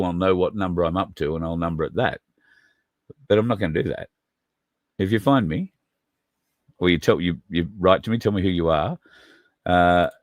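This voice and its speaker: Low-voiced man rambling on a livestream. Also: dry recording, studio quality. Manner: rambling, conversational, addresses viewers by name. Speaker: podcast host. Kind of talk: casual livestream talk.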